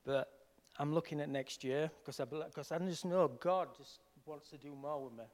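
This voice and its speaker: A man with a Yorkshire accent, a healing minister giving an earnest personal testimony, shifting between soft and emphatic. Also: a little high, normal speed, long reverb tail.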